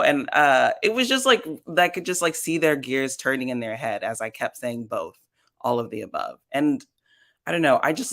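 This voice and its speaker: A guest writer telling a story in a casual panel chat, halting with many fillers. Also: medium pitch, a bit bright.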